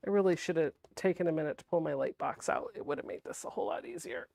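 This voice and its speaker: Female livestream host, soft-spoken and unprojected, low gravelly tone, chats and thinks aloud while sewing. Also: animated, fast. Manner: soft-spoken, not projecting.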